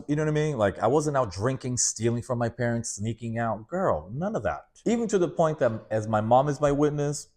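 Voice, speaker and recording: A man in his late thirties hosting a podcast, telling a personal story in a candid, expressive way with profanity, laughter and playful asides. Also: mid-range voice. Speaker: podcast host.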